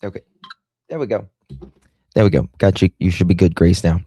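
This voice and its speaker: Thanking viewers one at a time with affectionate endearments, a livestream host reads comments in a casual chat. His low-pitched voice is fairly quick, with a dark tone and a breathy edge, and there is no echo.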